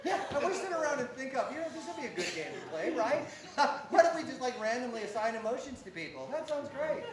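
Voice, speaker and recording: A man's voice: extremely high pitch, very animated, quick pace, over a noisy crowd. Hammy showman narrating improv on stage. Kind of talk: live improv comedy narration. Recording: very echoey stage, far from mic, clear noise.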